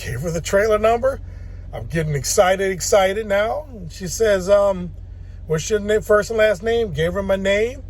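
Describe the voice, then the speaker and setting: Laid back trucker guy vlogging from his cab, husky voice, road hum behind. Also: high voice, lively intonation, measured pace. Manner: chatty, easygoing, laughs at himself. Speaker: truck driver. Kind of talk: casual vlog talk to camera.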